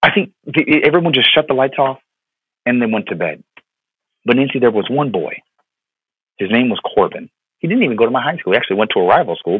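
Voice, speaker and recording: A man's voice: lowish voice, husky, no echo. A man in his thirties from Florida, a pastor telling a personal story in an interview, earnest and heartfelt, with many fillers and repeated words. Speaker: pastor, podcast guest. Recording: dry, tinny phone-line sound.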